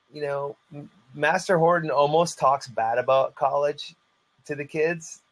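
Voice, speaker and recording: A man's voice: on the high side, unhurried, poor audio. A man who teaches martial arts, telling a story in a casual podcast chat and filling it with "like". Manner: animated storyteller, heavy use of "like".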